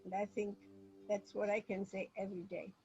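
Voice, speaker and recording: A woman speaking English as a second language, giving a talk on a video call with hesitant pauses and restarts. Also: medium pitch, level tone, muffled recording. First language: not English. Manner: hesitant, apologetic, with many restarts. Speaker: guest speaker. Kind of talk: online talk.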